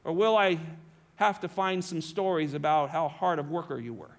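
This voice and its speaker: A man preaching a sermon as pastor, swinging between emphatic lines and hushed asides. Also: on the high side, normal speed.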